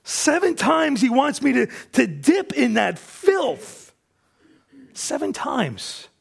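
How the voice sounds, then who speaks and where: A man's voice: very high-pitched, very animated, slow, creaky, breathy edge, pitched above the performer's own voice, exaggerated voice. A man acting out a proud, indignant ancient male army commander, firing off outraged rhetorical questions.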